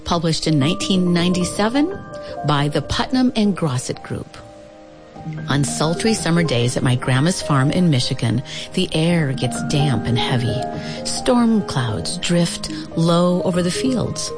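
A woman reading a children's picture book aloud with expressive, lilting storytelling. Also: low-pitched, unhurried, over music. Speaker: storybook reader.

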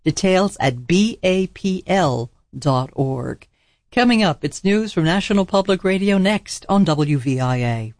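A man's voice: sits high, animated, unhurried, no echo, studio quality. A man reading a friendly community event announcement. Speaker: station announcer.

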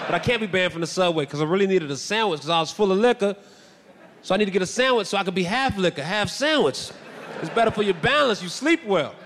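A young adult man doing stand-up, telling self-mocking stories loudly and acting out voices. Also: high-pitched, slight background noise. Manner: loud, animated, self-mocking, acts out voices. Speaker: stand-up comedian. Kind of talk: stand-up storytelling. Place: stage in a large hall. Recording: live hall with long reverb.

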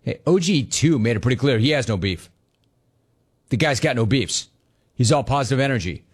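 A man hosting a sports talk show, reading listener messages and telling stories in a jokey, animated, digressive way. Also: medium pitch, moderate pace, breathy edge.

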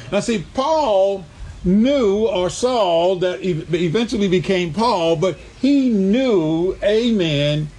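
A man's voice: sits high, darkish tone. A man preaching a sermon in church, reading scripture aloud, repeating his points and punctuating them with "amen" as he calls on the congregation. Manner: repeats and restates points for emphasis. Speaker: pastor.

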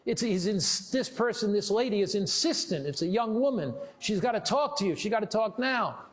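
A man's voice: high-pitched, lively intonation, moderate pace, a little hiss or hum, voice pushed up. A male preacher voicing an insistent program producer, pressing and urgent, during sermon storytelling.

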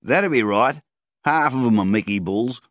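A man's voice: mid-range voice, animated, moderate pace, a bit bright, no room sound, studio quality, pitched above the performer's own voice, close to an everyday voice. A man with an Australian accent voicing a hulking, guttural farmer who likes a fight and cracks jokes. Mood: jokey.

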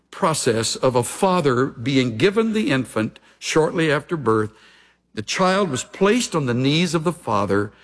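A man in his sixties, a pastor preaching an expository sermon, teaching verse by verse in a measured, deliberate way. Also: fairly high pitch.

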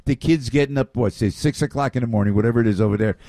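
A man's voice: medium pitch, very fast, no echo, clean studio sound. An older man, hosting a live radio show before a crowd and greeting the audience. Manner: lively, repeats "I'll tell you", greets the crowd. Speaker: radio host. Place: restaurant venue with a live audience.

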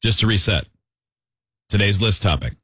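A man's voice: fairly low pitch, lively intonation, normal speed, fairly bright tone, breathy edge, no echo, studio quality. A man hosting a casual podcast chat, joking and poking fun at himself. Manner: joking, self-mocking. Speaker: show host.

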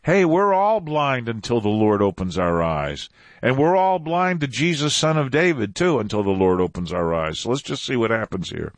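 A man's voice: medium pitch, very animated, moderate pace, no room sound. A man teaching a Bible passage in a conversational way, repeating phrases for emphasis. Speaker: preacher.

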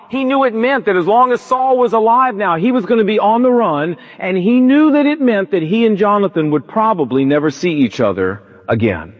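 A man preaching a sermon, retelling a story with emphatic, preacherly storytelling. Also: high voice. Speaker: pastor. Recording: dull lo-fi with long reverb, church sermon recording.

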